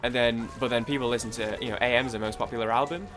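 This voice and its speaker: A man's voice: mid-range voice, steady tone, fast talker, over music. A young man with a Mancunian accent chatting casually while gaming, rambling, stammering, repeating words and swearing freely. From Manchester, England. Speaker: gaming streamer.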